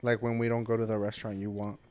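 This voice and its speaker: A man's voice: lowish voice, flat delivery, fast talker, a little mellow, dry recording. Teasing young man, dry recording. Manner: teasing, joking, slips into Spanish. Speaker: podcast co-host. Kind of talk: casual chat.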